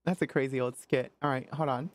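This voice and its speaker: A woman's voice: very deep voice, steady tone, fairly quick. A woman streamer chatting casually and playfully, often laughing at herself. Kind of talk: casual livestream chat.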